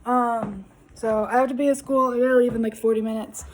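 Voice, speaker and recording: A woman's voice: a little high, fairly even intonation, fairly quick, slight background noise. A young woman talking to her camera in a casual, rambling vlog with lots of fillers. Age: young adult. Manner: rambling, chatty, frequent fillers. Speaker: vlogger.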